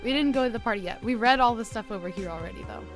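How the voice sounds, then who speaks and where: A woman's voice: on the high side, racing, music in the background. A woman streaming a game, chatting casually and playfully with her chat and laughing often. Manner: playful and giggly, greets chat warmly. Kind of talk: casual live-stream chat while gaming.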